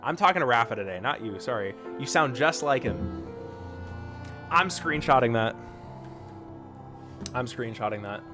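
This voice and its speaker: A man's voice: mid-range voice, lively intonation, fairly quick, over music. An American man streaming a game live, chatting casually and teasing his viewers in a loose, joking way that often trails off into fillers. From United States. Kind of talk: live-stream chat while gaming.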